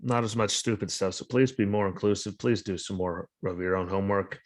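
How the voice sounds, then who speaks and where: A man's voice: fairly low pitch, steady tone, fairly quick. A sleep-deprived man hosting a podcast over a video call, talking in a blunt, sarcastic, profane and rambling way. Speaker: podcast host. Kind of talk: casual political chat.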